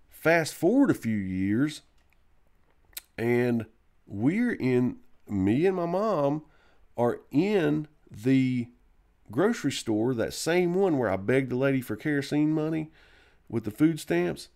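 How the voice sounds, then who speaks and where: A man hosting a live stream tells a long personal story, rambling and profane, full of fillers and restarts, in a casual storytelling mode. His voice is medium in pitch and a little mellow.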